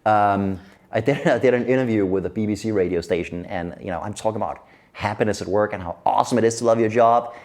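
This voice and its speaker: A middle-aged man from Denmark, a guest in an interview who tells stories in a lively way and laughs often. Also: fairly low pitch, quick pace. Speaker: guest expert on workplace happiness. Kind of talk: casual interview chat.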